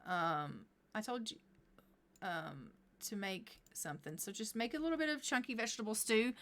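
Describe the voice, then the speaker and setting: A woman's voice: medium pitch, moderate pace, a bit bright. A woman streaming a life-simulation game, chatting along and narrating what her characters say. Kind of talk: live gameplay commentary.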